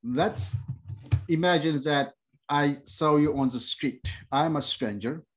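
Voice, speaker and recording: Man, non-native speaker, first language Uyghur, middle-aged, classroom lecture, slow, many fillers, halting restarts. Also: on the high side. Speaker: instructor.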